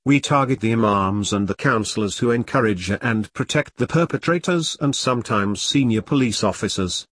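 A man's voice: on the low side, normal speed, hardly any pauses, a bit bright, slightly rough, no echo, clean studio sound. A man voicing a fierce, foul-mouthed woman in an audiobook, speaking bluntly and defiantly. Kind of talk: audiobook character reading.

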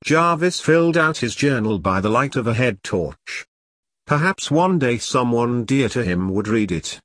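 A man's voice: medium pitch, very animated, measured pace, fairly bright tone, no room sound, studio quality. Man narrating an audiobook. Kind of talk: scripted narration.

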